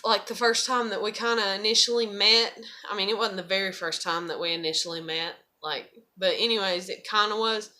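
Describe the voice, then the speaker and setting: A woman's voice: a little high, sharp tone. A young woman chatting in a loose, rambling vlog, swearing constantly. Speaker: vlogger. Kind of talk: rambling casual vlog chat.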